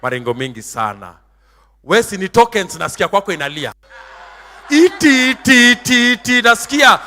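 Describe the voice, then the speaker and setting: A man preaching in a church hall, with a very high, sharp and bright voice. He is emphatic and theatrical, swinging between shouts and a sing-song lilt. A long hall reverb trails behind his words. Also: big pitch swings, moderate pace, faint music behind. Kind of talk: sermon.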